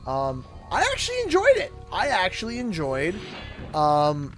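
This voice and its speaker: A young man hosting a livestream, chatting and joking with viewers in a lively, swinging voice. His pitch sits a bit high, and faint game music plays behind him. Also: a little slow. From Canada. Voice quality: chatty, animated, jokey. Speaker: livestream host. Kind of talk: casual gaming livestream chat.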